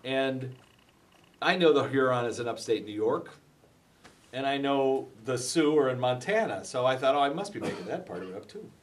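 A man telling a personal story to a group in a talk, acting out the quoted dialogue with lively energy. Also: mid-range voice, moderate pace, a little hiss or hum. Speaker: speaker giving a book talk. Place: meeting room before a live group. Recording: voice from far off the mic.

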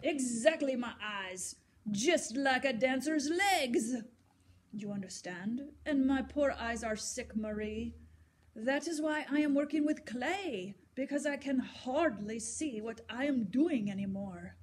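A woman voicing a gruff, bad-tempered old male painter in a storybook reading. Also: high voice, slow pace. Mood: sad. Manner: gruff, irritable.

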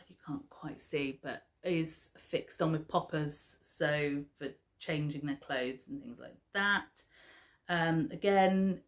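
Slow, chatty woman vlogger, low-pitched. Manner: chatty, fond, with fillers and soft laughs. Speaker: craft vlogger. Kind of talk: casual show-and-tell chat.

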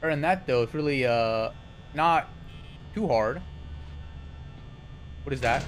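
A young man streaming live gameplay, talking fast and excitably, yelping and swearing at scares and cheering at wins. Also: a little high, a little hiss or hum. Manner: excitable, jumpy, swears, yelps when scared.

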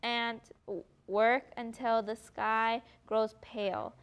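A teenage girl reading a children's picture book aloud, deliberate, now and then correcting herself. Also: on the high side, steady tone, clean tone, highs cut off. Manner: deliberate, occasional self-corrections. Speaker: reader.

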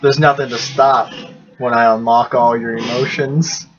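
A man's voice: medium pitch, steady tone, a little slow, background noise. A young man playing a co-op video game with a friend, joking and teasing in casual chat. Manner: teasing, joking, laid-back. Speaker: let's play gamer. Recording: muffled lo-fi capture with game music. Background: game music.

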